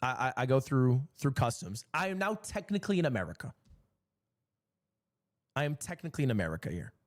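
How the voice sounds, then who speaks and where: A man streaming, telling a story in a casual, animated and exasperated way. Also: medium pitch, a little fast.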